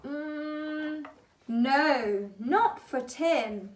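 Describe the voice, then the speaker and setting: Very slowly and with great animation, a woman with a high, slightly bright voice narrates toys for a small child. As an early-years teacher leading a bucket activity, she uses an exaggerated, gasping sing-song, with slight background noise in the recording.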